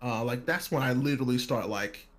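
Speaking at a medium pitch and a little fast, a man tells a personal story on a podcast in a casual, animated way. He acts out other people's lines and laughs often.

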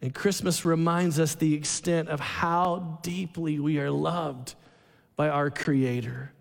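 Male pastor, high voice, slow emotive sermon delivery, long hall reverb. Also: fairly even intonation, gravelly. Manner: emotive preaching, slows for emphasis, asks the congregation questions. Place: church sanctuary.

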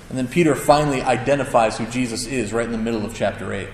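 A pastor, an adult with a child, preaches a sermon in a casual, conversational way, telling stories with self-deprecating humor. His mid-range voice moves fast. The echoey hall gives a long reverb, with slight background noise.

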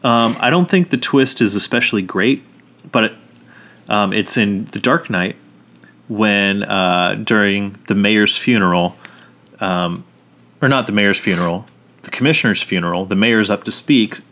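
A man's voice: on the low side, measured pace. A man co-hosting a casual podcast, telling movie stories with energy, swearing freely and acting out quotes. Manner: animated storytelling, swears freely, acts out quotes. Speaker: podcast co-host.

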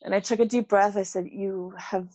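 A woman's voice: medium pitch, fairly even intonation, moderate pace, mellow. A middle-aged woman, a former teacher, chatting as a podcast guest. She brings her stories to life, putting on the voices of the people in them. Her voice sounds dry and close, with no room echo. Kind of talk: conversational storytelling.

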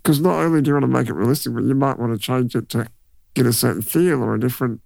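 A laid-back man trades jokes in a casual movie chat. His mid-pitched voice has a gravelly, creaky edge, and the recording is dry and close with no room sound. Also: fast talker, a little mellow, no echo. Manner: laid-back, laughs often. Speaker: podcast co-host.

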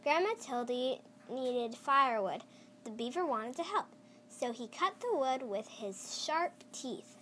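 A child reading a picture book aloud, slowly and with small stumbles and restarts. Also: sits high, lively intonation, pushed and bright, a little hiss or hum. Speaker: storyteller.

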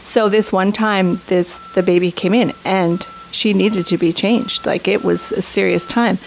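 A woman's voice: mid-range voice, steady tone, unhurried, vocal fry, a little hiss or hum, poor audio. A woman instructor for a children's empathy program, answering interview questions with enthusiasm and often tagging her points with "right?". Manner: enthusiastic, frequent "right?" tags. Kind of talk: interview guest.

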